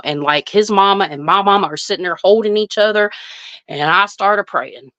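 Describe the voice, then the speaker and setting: A woman's voice: medium pitch, moderate pace, pushed and bright, no echo, lo-fi sound. A woman, a psychic medium guest telling a story in casual chat, earnest and emphatic. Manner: earnest, emphatic retelling with frequent restarts.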